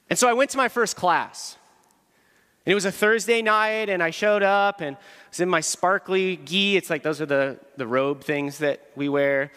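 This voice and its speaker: A man's voice: high voice, normal speed, bright, forceful tone, smooth. A man giving a humorous, self-deprecating storytelling talk to an audience in a large hall.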